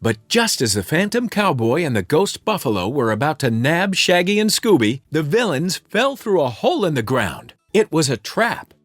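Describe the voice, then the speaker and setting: A man narrating a children's storybook read-aloud in an expressive storytelling manner. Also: on the high side, moderate pace, hardly any pauses, dry recording, soft background music.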